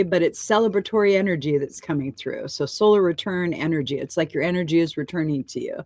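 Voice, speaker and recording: A low-voiced woman leads a live oracle card reading, talking fast with few pauses. She is gentle and encouraging, often wandering off and restarting phrases while describing what she senses. There is no room sound.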